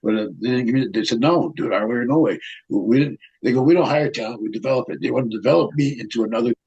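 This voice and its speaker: A man's voice: mid-range voice, very fast, a little mellow, slightly rough, muffled recording. An older man as an interview guest, telling a rambling, profane story and acting out what others said. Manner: rambling, profane, repeats himself, quotes others. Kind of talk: casual storytelling.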